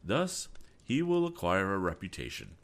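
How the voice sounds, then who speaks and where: Casting: a steely sea captain, measured and grave, read by a man for a storybook, lively pitch. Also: heavily acted. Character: steely, calm middle-aged sea captain.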